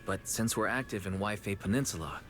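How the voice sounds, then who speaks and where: An actor playing a polite, thoughtful junior disciple in a game. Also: male voice, on the low side, a little fast, fairly bright tone, a little hiss or hum, close to an everyday voice. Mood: earnest. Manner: polite, reasoned. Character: earnest young male junior disciple, thoughtful. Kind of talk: game voice acting.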